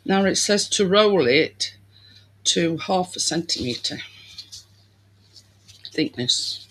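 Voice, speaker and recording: A woman's voice: lowish voice, animated, slow pace, a bit bright, low-quality recording. A woman hosting a home baking video, chatting casually to viewers while she works and saying "me" for "my". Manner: uses dialect "me" for "my".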